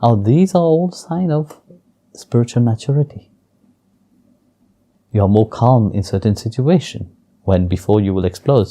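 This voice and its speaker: A man telling a devotional story in an interview and teaching with gentle, chuckling warmth and simple, non-native phrasing. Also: medium pitch, animated, a little slow, long pauses. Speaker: spiritual teacher.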